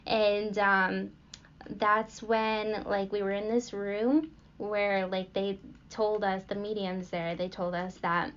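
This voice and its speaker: A woman's voice: medium pitch, flat delivery, unhurried, clean tone. A young woman hosting a podcast, telling a story casually with lots of fillers and little laughs. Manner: rambling with frequent fillers and giggles. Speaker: podcast host. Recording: dull lo-fi recording.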